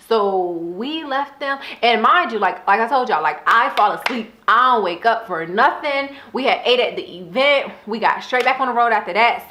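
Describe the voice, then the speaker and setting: A young woman telling a casual storytime vlog, animated and often breaking into laughter as she talks. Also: on the high side, a little slow, reverberant. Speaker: vlogger.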